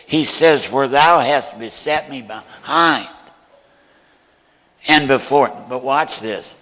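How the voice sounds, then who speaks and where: A man preaching a sermon as a guest pastor in a church, moving between hushed storytelling and loud, emphatic preaching. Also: mid-range voice, takes it slowly, big-room sound. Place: church sanctuary.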